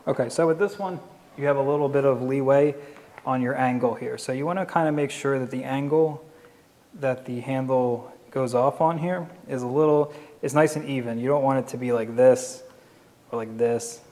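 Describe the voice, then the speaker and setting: A man with a Philadelphia accent giving a relaxed, step-by-step crafting tutorial while he works. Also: medium pitch, moderate pace, in a large hall. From Philadelphia area. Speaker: leathercraft instructor. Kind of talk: casual how-to tutorial.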